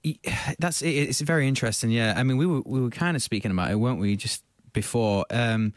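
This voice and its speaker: A man's voice: medium pitch, fast, no room sound, studio quality. A man who acts, a guest on a radio show who speaks hesitantly with many ums and uhs. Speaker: actor guest. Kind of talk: radio interview. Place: radio studio. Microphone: studio microphone.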